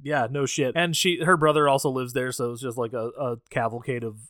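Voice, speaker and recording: A man's voice: medium pitch, fairly even intonation, brisk, fairly bright tone, dry recording, clean studio sound. A man co-hosting a podcast, recapping a horror movie in casual chat, sarcastic and swearing, acting out characters as he goes. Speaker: podcast co-host.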